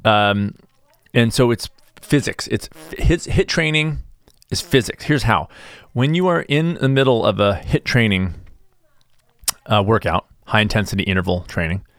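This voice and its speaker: A man's voice: fairly low pitch, expressive, normal speed, a bit bright, no room sound. A man hosting his own show, talking in a rambling, self-deprecating, stop-start comedic monologue. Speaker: host.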